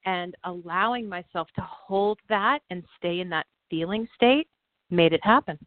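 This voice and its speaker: A woman talking earnestly in a casual chat, her voice on the low side. She tells stories in a lively way and often starts over mid-sentence. The sound is narrow and phone-like, dry and close. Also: a little slow, no room sound. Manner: earnest, animated storytelling with many self-restarts. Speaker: podcast co-host.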